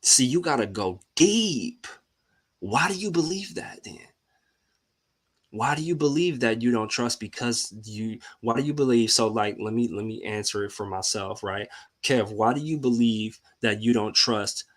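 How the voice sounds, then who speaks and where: A man's voice: fairly low pitch, normal speed. A man hosting a live mindset show, talking casually and animatedly, firing rhetorical questions at himself and at listeners in slangy, informal speech. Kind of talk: casual motivational talk.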